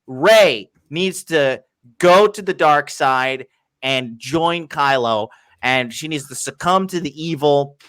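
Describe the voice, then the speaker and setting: Hyped podcast dude who swears a lot, kinda high voice, dry close mic. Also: male voice, dry recording. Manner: excited, swearing, many restarts. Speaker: podcast co-host. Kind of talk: casual chat.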